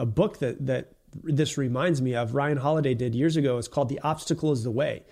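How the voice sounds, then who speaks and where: A male podcast host delivers solo motivational talk, blunt and forceful, circling back to his points and swearing freely. His pitch is fairly high and his tone a little mellow.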